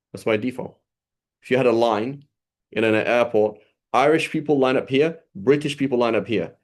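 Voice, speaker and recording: A man teaching a class on an Arabic legal text. He reads Arabic quickly, explains it in English, restarts sentences often and keeps checking whether the students follow. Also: medium pitch, a little mellow. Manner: explanatory, often checks understanding with "right?" and "okay?"; hesitant restarts and fillers while searching for words. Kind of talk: classroom lecture.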